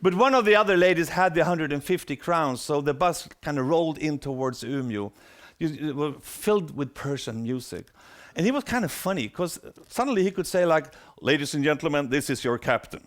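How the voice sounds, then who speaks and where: Middle-aged man, animated storyteller who acts out quotes, voice a bit high. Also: a little fast. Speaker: speaker. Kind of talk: storytelling talk.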